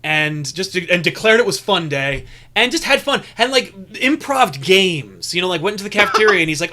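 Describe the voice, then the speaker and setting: Podcast co-host, young man, high and bright voice, rambling casual storyteller. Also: big pitch swings, a little fast, few pauses. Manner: rambling storyteller with many restarts. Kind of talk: casual chat.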